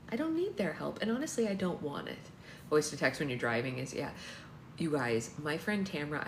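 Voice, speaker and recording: A low-pitched woman chats casually on a livestream, rambling and full of fillers. Her voice rings in an echoey room with faint noise behind it. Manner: chatty, rambling, filler-heavy. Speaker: book club host and slime seller. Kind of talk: casual livestream chat and reading aloud.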